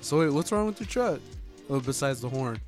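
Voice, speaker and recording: A man's voice: medium pitch, lively intonation, fairly quick, darkish tone, soft background music. A man in casual chat, adding short reactions and questions.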